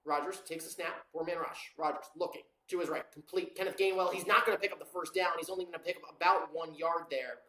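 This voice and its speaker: A home play-by-play caller narrates a live game to a watchalong audience in a casual, rambling way. Fillers and quick self-corrections run through the calls. The voice sits at a middling pitch and echoes around a roomy room. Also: pushed and bright. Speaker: amateur play-by-play commentator.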